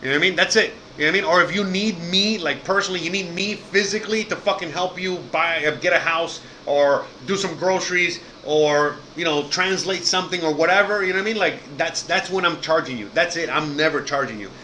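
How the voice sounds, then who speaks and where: A man's voice: a little high, a little fast, hardly any pauses, bright, forceful tone, slight background noise. A man hosting his own channel, talking casually and at length to his viewers, rambling, swearing and repeating "you know what I mean". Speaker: channel host.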